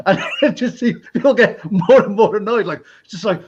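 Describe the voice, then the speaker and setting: A middle-aged man from Wales with a Welsh accent, a podcast host chatting casually and telling lively stories. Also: high voice, normal speed, slightly rough, dull audio. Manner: animated storyteller, acts out quoted people. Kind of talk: casual chat.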